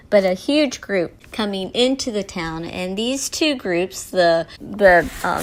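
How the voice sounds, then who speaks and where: A woman hosting a devotional talk while she paints, telling the story earnestly and often dropping to a near whisper. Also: medium pitch. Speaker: host.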